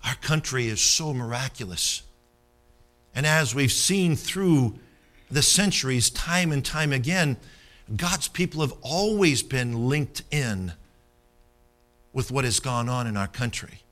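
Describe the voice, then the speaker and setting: A man's voice: medium pitch, slow pace, fairly bright tone. A man preaching a sermon, telling stories and calling for amens from the congregation. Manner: storytelling, rousing, calls for amens.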